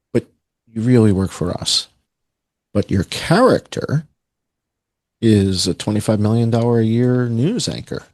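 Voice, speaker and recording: A man's voice: on the low side, a little mellow, no echo, studio quality. A man talking in a sarcastic, rambling way on a podcast, with mocking asides. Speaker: podcast guest. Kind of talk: casual conspiratorial chat.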